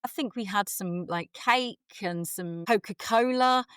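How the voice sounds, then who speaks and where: A woman's voice: mid-range voice, measured pace, clear, resonant tone, no room sound, clean studio sound. A woman in her forties, a guest actress telling self-deprecating stories in casual chat with plenty of fillers. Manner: self-deprecating, animated storytelling with frequent fillers.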